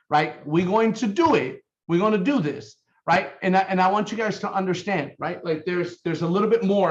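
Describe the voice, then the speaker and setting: A man's voice: high-pitched, muffled recording. A man giving a fired-up, emphatic motivational sales talk to his team. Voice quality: fired up, emphatic, intense delivery. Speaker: team leader.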